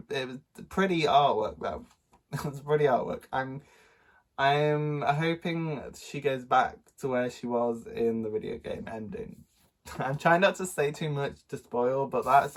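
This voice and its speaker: A man with a nasal, stuffy voice from a cold, chatting casually about books he bought, rambling with lots of ums and little laughs. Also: medium pitch. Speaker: book vlogger. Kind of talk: casual book haul vlog.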